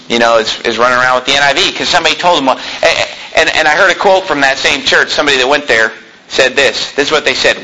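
A man's voice: on the high side, bright, forceful tone, a little hiss or hum, low-quality recording. A man preaching a fiery sermon in a church, combative and sarcastic, quizzing the congregation. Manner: combative, sarcastic, asks the congregation for shows of hands.

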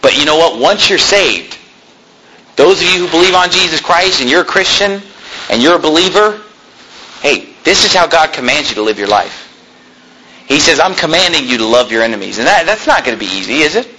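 Brief: male preacher, animated and jokey, bright tone, faint background noise. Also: a little fast, rough recording. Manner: animated, jokey, acts out quoted people in a high voice. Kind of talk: sermon.

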